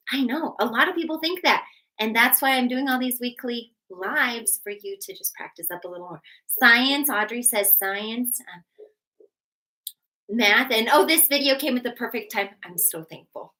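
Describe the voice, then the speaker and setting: A woman's voice: fairly high pitch, animated, moderate pace, pushed and bright. A woman teaching a live online math lesson, bubbly and encouraging, chatting with viewers between steps. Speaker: GED math tutor. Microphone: webcam.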